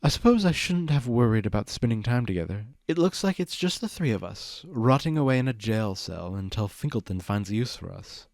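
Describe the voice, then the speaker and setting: A man's voice: medium pitch, expressive, fairly quick, vocal fry, hardly any pauses, a little mellow, dry recording. A smug male chaos spirit, put on by a man reading aloud drips sarcasm in theatrical swoops. The storybook reading is dry and close. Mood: sarcastic.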